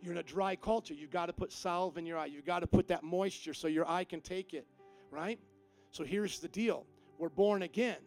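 A man pastor preaching a sermon with emphatic delivery, swinging between quiet and loud. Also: high-pitched, normal speed, faint music behind.

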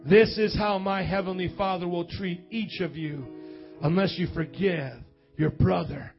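High-voiced, animated male pastor preaching. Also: vocal fry, highs cut off, soft background music. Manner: animated preaching, acts out Bible characters with emphatic slow lines. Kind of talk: sermon.

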